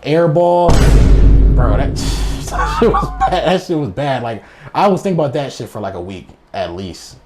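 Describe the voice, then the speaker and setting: Animated young man telling a story. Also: on the high side. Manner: animated, laughs through the telling; slangy, rambling with restarts. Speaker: guest storyteller. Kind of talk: casual storytelling.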